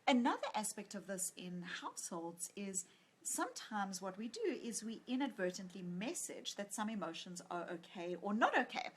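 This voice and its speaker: A woman psychologist and author in a conversational interview, telling stories in an animated way and acting out what people said. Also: mid-range voice, moderate pace, a little hiss or hum. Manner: animated storyteller who acts out quoted lines.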